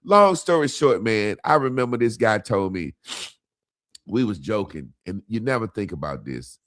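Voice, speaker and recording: A man on a casual talk show telling a funny story about an old friend, animated and laughing, swearing freely. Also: fairly low pitch, normal speed, no room sound, clean studio sound. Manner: animated, laughing, profane, quotes friends in lively voices. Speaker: podcast co-host.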